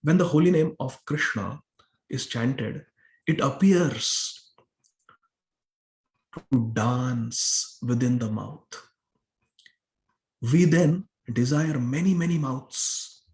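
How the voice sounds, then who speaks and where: A man's voice: medium pitch, slow, pauses often, a little mellow. Man explaining scripture in an echoey hall. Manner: explains a verse word by word, repeating phrases for emphasis. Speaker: temple lecturer. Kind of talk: scripture class sermon. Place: temple hall. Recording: roomy echo of a hall.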